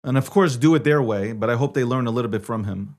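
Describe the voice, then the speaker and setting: A man's voice: mid-range voice, fast. Male host from New York, punchy and repetitive, rides the volume up and down. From New York City. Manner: emphatic, repetitive, swings loud and soft. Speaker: show host. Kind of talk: opinionated political commentary.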